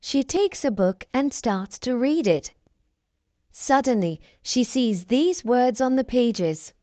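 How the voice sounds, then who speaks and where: Female narrator for a graded reader; clear, deliberate, slightly high. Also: expressive, mellow, dry recording, muffled recording. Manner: clear, deliberate reading for learners.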